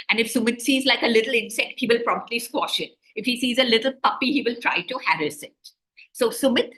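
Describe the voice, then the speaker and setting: A woman's voice: fairly high pitch, brisk. A woman author telling a story to children over a video call, stopping often to ask them questions. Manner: animated, asks the children questions.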